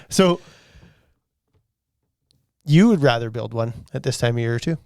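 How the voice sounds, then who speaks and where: A man's voice: medium pitch, expressive, slow pace, darkish tone, no room sound. Male podcast co-host, laid-back joking banter, dry close sound. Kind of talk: casual podcast chat.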